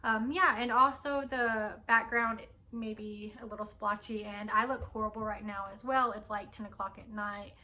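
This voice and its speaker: A woman's voice: mid-range voice, fairly even intonation, normal speed, few pauses, bright, forceful tone. A young woman chatting casually in a home vlog at night, rambling with lots of fillers. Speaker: vlogger. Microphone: camera on a stand.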